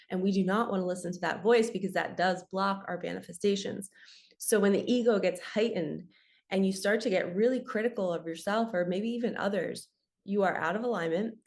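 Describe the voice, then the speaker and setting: A woman's voice: medium pitch, darkish tone. Chatty woman spiritual coach. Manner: earnest, chatty, uses "you guys" and "like". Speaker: spiritual coach and channel host. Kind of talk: solo motivational talk.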